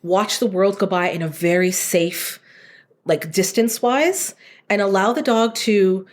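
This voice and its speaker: A woman chatting casually on a podcast as a guest, talking about dog training in an animated way with lots of fillers. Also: mid-range voice, measured pace.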